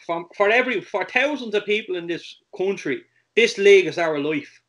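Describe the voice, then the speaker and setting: A man's voice: high-pitched, animated, unhurried, sharp tone. A man with an Irish accent co-hosting a football vlog, passionate and fuming, repeating himself. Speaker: vlog co-host. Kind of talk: casual football chat.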